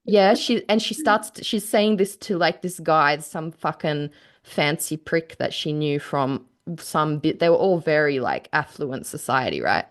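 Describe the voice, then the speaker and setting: A woman with a notably low voice tells a personal story on a podcast. She talks candidly and casually, fills her sentences with "like," and slips into the voices of the people she describes. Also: animated, unhurried. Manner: candid storytelling, heavy on "like", acts out quotes. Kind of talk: casual chat.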